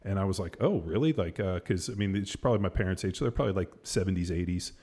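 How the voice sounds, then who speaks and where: Man, 40s, low voice, rambling, filler-heavy, casual chat, swears. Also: racing, darkish tone, slightly rough.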